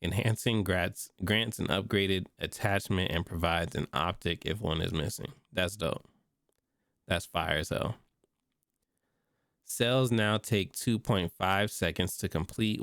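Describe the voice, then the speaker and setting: Stuffy male streamer with a deep, dry close-mic voice; reads text, then reacts in slang. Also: fairly bright tone, no room sound. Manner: reads notes aloud, breaks off into slangy reactions. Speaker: streamer reading and reacting to game patch notes. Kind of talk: casual livestream commentary.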